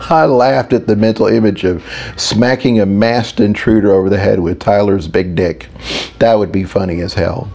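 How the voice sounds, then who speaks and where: A man narrating a first-person audiobook. His voice is low and mellow, with a warm, soft edge. He reads in an intimate, reflective storytelling manner. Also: steady tone, moderate pace, vocal fry.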